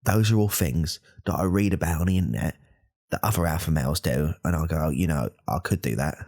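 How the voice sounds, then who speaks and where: A man's voice: brisk, a little mellow, heavily acted. A man, voicing a self-important, insecure male podcaster in a whispered role-play who rambles and corrects himself. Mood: rambling. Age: 30s. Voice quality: gravelly, husky low voice. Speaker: podcast host.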